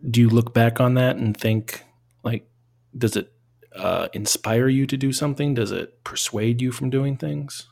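A man's voice: medium pitch, measured pace, creaky, darkish tone. A man hosting an interview, frank and casual, who swears freely. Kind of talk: candid interview questions.

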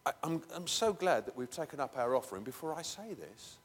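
Guy preaching in church, chatty then punchy, bit of a higher voice, big hall echo. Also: big pitch swings, fairly quick, slight background noise. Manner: conversational, rises to emphatic bursts. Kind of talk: sermon. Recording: long hall reverb.

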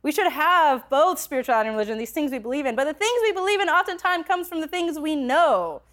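A woman's voice: sits high, lively intonation, fast talker, fairly bright tone. Passionate woman telling a personal story. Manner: conversational, many filler likes, grows passionate. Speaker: speaker sharing a personal story.

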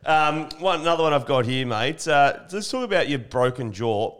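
A man's voice: fairly high pitch, lively intonation, normal speed, fairly bright tone. A man hosting a casual chat, teasing and laughing as he tells loose stories full of slang. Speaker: podcast host. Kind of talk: casual banter.

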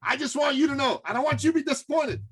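A man's voice: very high-pitched, lively intonation, fast, pitched above the performer's own voice. A pushy, skeptical man who repeats every point twice, as a storyteller puts him on. His voice jumps well above the storyteller's own and stays insistent. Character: pushy skeptical adult male workshop attendee.

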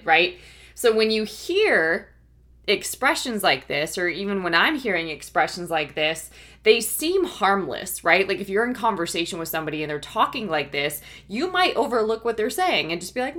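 A woman's voice: medium pitch, sing-song, moderate pace. A woman giving a faith-based coaching talk, conversational and encouraging, often checking in with her listeners. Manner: conversational, keeps checking in with "right?" and "okay?"; warm, encouraging, laughs now and then. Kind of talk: teaching talk.

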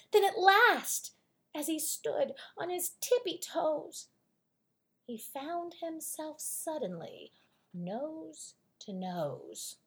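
A woman reading a rhyming children's picture book aloud with an expressive, sing-song delivery. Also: sits high. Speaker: storyteller. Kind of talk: children's storybook read-aloud.

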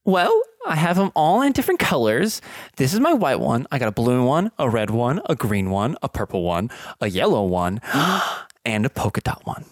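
A man's voice: mid-range voice, big pitch swings, normal speed, no echo, studio quality, close to an everyday voice. A man voicing a fussy, doting mother who chatters about her dresses and urges her son out of bed. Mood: cheery nagging.

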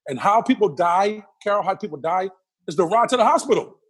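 A man being interviewed, telling a personal story with lively energy and acting out the other people's lines. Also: high voice, brisk, breathy edge. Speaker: interview guest.

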